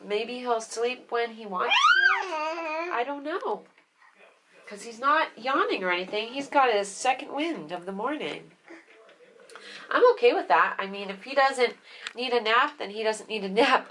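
A woman's voice: on the high side, sing-song, a little slow, pushed and bright, a little hiss or hum. A young woman talking casually to her vlog camera at home and cooing at her baby son. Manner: chatty, coos and baby-talks to her son. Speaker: vlogger and mother. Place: home, indoors.

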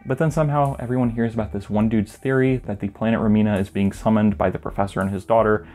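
A man's voice: on the low side, steady tone, quick pace, mellow, faint music behind. A man recapping a manga in a casual, joking way, full of rambling asides. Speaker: video essayist reviewing a manga.

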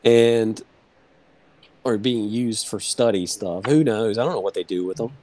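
Low, mellow-voiced man telling a story. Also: a little slow. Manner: rambling storyteller, heavy use of "like" and "you know". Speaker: guest. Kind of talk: casual interview conversation.

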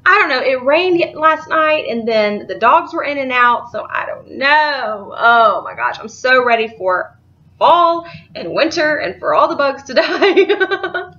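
A woman's voice: sits high, animated, a little slow, sharp tone, lo-fi sound. A young woman, chatting casually and rambling about books she bought, laughing easily. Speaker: book vlogger. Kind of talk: casual chat.

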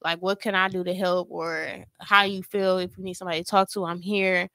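Podcast co-host, woman, earnest and reassuring, bright tone, dry sound. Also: lowish voice, flat delivery, a little fast, no echo. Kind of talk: casual heartfelt conversation.

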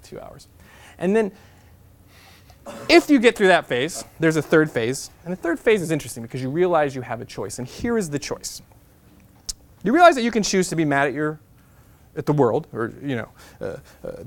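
A man in his thirties from Nebraska speaks to a university class as a guest speaker. He talks quickly in a slightly high voice, telling an animated story. He keeps returning to a refrain and acts out the people he quotes. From Nebraska, USA. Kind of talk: storytelling lecture to students.

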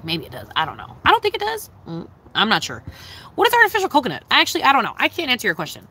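Young woman, livestream chat, cussing and giggling, very lively pitch, bright edgy tone. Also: fast, slight background noise, low-quality recording. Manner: profane, giggly, blunt and chatty.

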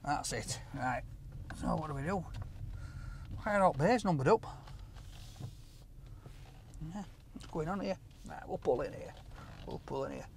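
A man hosting a food vlog, joking and calling out loudly while he drives and walks about. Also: fairly high pitch, animated, unhurried, creaky, long pauses, a little hiss or hum. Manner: jokey, loud exclamations. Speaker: food vlogger host. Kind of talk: casual vlog chat. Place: car, then outdoors. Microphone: camera held by a cameraman.

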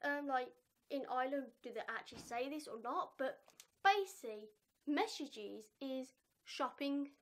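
A young woman with a high, bright-sounding voice chats through a casual reaction vlog. She is animated and pokes fun at herself, breaking into laughter often. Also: moderate pace. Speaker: vlogger.

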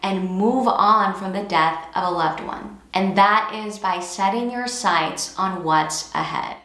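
Woman, devotional teaching, earnest and emphatic, gravelly fry, roomy echo. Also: mid-range voice, a bit bright. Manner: earnest, emphatic, repeats key phrases. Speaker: Christian teacher. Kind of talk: devotional teaching with scripture reading.

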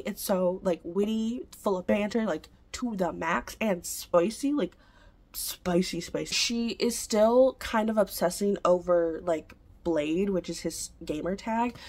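A young woman chatting casually in a book vlog, gushing and excitable, full of fillers and quick asides. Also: medium pitch. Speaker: book vlogger.

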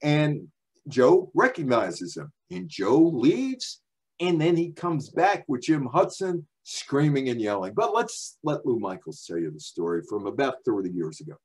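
Here a man, probably in his sixties and from the New York area, speaks in a mid-range, husky, slightly mellow voice with a sing-song lilt, going a little slowly. He's giving a conversational storytelling talk with slides at a library, loaded with asides and rhetorical questions.

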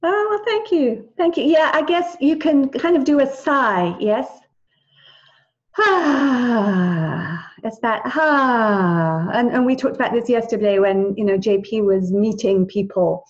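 A woman's voice: on the high side, moderate pace, hardly any pauses, darkish tone, muffled recording. A woman teaching a live group wellness class in a chatty, encouraging way, often restarting her sentences. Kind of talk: live group class over video call.

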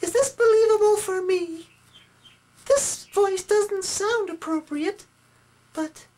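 A man putting on a high falsetto girl's voice for a puppet, speaking slowly. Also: a bit bright, full character voice.

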